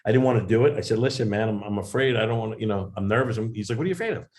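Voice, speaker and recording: A man's voice: fairly low pitch, steady tone, very fast, a little mellow. A man, a comedian and actor, telling rambling self-deprecating stories as a guest over a video call. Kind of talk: casual interview storytelling.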